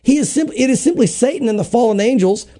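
High-voiced preaching man, mellow tone. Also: expressive, fast talker. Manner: acts out biblical dialogue in quoted voices, many restarts. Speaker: pastor, show regular. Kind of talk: Bible teaching in a podcast conversation.

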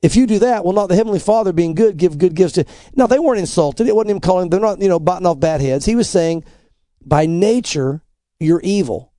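Middle-aged pastor, man, high pitched, mellow dark tone, emphatic and earnest news commentary. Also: expressive, fast talker, few pauses, dry recording, studio quality. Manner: emphatic, earnest, quotes scripture and articles. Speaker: pastor, co-host. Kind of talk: preaching-style news commentary.

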